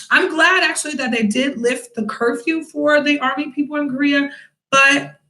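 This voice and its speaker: A young woman vlogging, telling a story casually with lively, animated quoting and frequent laughs. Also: high-pitched. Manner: animated, acts out quotes loudly with laughs. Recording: echoey room.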